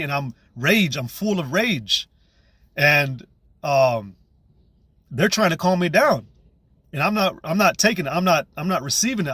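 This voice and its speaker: A man's voice: a little high, a bit bright, husky, no echo. A young man giving a personal testimony in a casual, intense, profane way, with frequent restarts. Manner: intense, profane, with many restarts and "you know"s. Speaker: channel host giving testimony.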